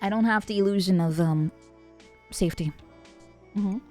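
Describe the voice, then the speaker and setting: A young woman from the Netherlands, chatting playfully with her stream chat and often jumping into high squeals. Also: normal speed, faint music behind. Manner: playful, animated, jumps to squeals. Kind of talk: casual chat with chat.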